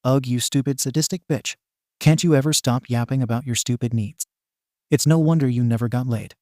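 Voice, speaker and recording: A man's voice: mid-range voice, brisk, warm tone, dry recording, studio quality, lightly acted. A man voicing a brash, impatient young male villain in a storybook reading. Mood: scornful. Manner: brash, insulting.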